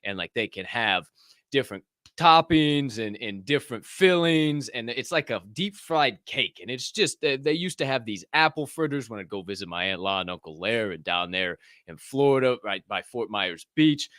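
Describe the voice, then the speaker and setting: A man's voice: mid-range voice, moderate pace, dry recording. Young man, live-stream host, casual, profane, jokey, dry close sound. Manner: rambling, profane, jokey and excitable. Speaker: podcast host.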